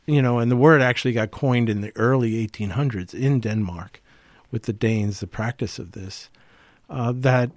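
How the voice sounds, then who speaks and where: A man's voice: medium pitch, normal speed, no room sound, clean studio sound. A man co-hosting a casual podcast, musing aloud with many fillers and rhetorical questions. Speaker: podcast co-host.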